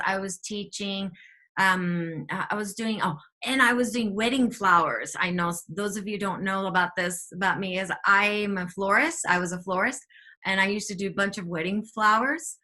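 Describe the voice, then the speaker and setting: A woman co-hosting a spiritual talk show, telling stories in a chatty, animated way. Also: medium pitch. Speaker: podcast co-host, teacher.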